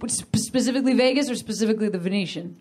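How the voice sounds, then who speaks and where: A woman hosting a comedy show, teasing audience members in quick crowd-work banter from the stage. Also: mid-range voice, darkish tone. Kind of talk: crowd work between acts. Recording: live club with audience laughter.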